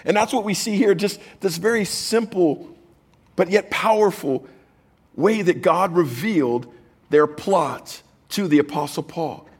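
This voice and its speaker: A man's voice: sits high, a little slow, slightly rough. A man preaching a sermon as pastor, conversational and jokey, reading scripture aloud to the congregation.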